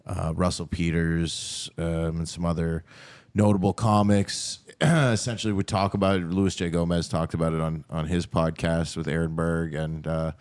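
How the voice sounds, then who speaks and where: A man's voice: low-pitched, steady tone, normal speed, few pauses, a little mellow, smooth, no room sound. A man from Canada, a comedian guest, talking in a loose, rambling way with many fillers. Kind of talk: casual chat.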